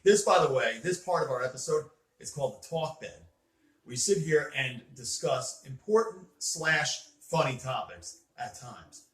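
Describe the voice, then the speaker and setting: A man's voice: medium pitch, a bit bright. A man hosting a casual chat with a child, explaining things in an earnest, lecturing way while sitting on a bed indoors. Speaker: host. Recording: roomy echo.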